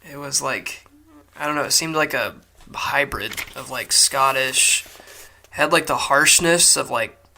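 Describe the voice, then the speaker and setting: A man's voice: mid-range voice, measured pace, creaky, pushed and bright, a little hiss or hum. A man co-hosting a podcast in casual chat, tossing off wry one-liners. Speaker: podcast co-host.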